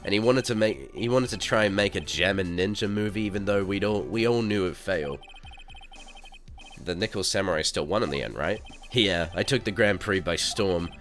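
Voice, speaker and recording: A man's voice: low voice, moderate pace, a bit bright, faint music behind. A man voicing a laid-back, vain male TV star in a game reading, with a drawling surfer-dude way of talking. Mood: dismissive.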